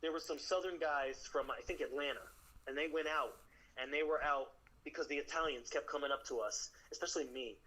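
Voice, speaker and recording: A Navy veteran telling stories in casual chat, acting out the people in them. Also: male voice, on the high side, fairly quick, low-quality recording. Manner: animated, acts out the people in his stories.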